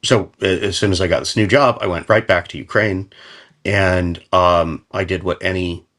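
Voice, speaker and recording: Low-voiced American man telling war stories. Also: moderate pace. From United States. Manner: animated anecdotal storytelling with frequent fillers, restarts and chuckles. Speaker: podcast guest, company founder. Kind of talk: conversational storytelling in an interview.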